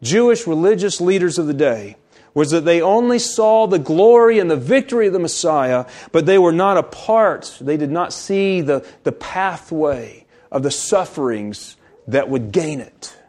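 A man with a fairly high voice preaches a sermon. He reads scripture aloud and explains it verse by verse, slowing down to press on key words. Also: lively intonation, a little mellow. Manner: slows down to stress key words. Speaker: pastor.

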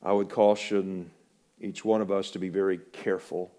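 A pastor preaching a sermon in a church, swinging between loud, emphatic proclamation and quiet, hushed warning. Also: male voice, sits low, flat delivery, moderate pace.

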